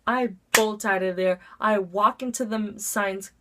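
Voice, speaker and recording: A woman's voice: mid-range voice, steady tone, unhurried, noisy background. A teenage girl telling a storytime vlog story. She talks in a chatty, breathless rush, fills it with "like", and jumps into dramatic voices for the big moments. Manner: dramatic voice swings into acted quotes. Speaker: vlogger.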